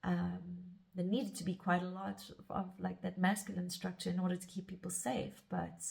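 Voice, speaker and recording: A woman's voice: fairly low pitch, level tone, moderate pace, gravelly, darkish tone. A middle-aged woman speaking as a spiritual guide in a reflective, rambling monologue, often restarting her sentences. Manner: rambling and self-searching, with restarts. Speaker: spiritual guide and podcast host.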